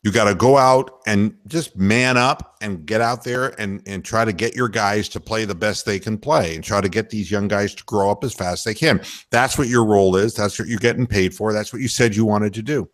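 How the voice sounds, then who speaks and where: A man's voice: lowish voice, moderate pace, hardly any pauses. A man hosting a sports talk radio show, chatting casually with emphatic, sarcastic opinions.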